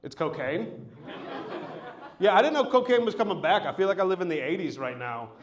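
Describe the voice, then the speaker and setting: A man performing live stand-up, his voice sitting a little high for a man and bouncing around an echoey room. He tells stories in a loose, profane way through a handheld stage mic. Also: animated, brisk. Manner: loose, profane, storytelling delivery. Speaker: headlining stand-up comedian. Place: live comedy show at an art venue.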